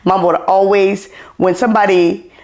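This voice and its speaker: Animated woman host telling stories. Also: mid-range voice, moderate pace. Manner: animated storyteller, laughs often. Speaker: podcast host. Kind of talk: casual chat.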